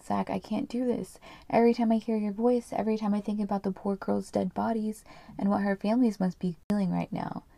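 Woman voicing a firm wife cutting her husband off, mellow low tone. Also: fairly even intonation, a little fast, creaky, no room sound, close to an everyday voice.

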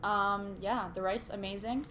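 A woman's voice: mid-range voice, fairly even intonation, measured pace, noisy background. A young woman co-hosting a casual podcast, gushing about food in short enthusiastic bursts. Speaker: podcast co-host. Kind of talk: casual chat over a meal.

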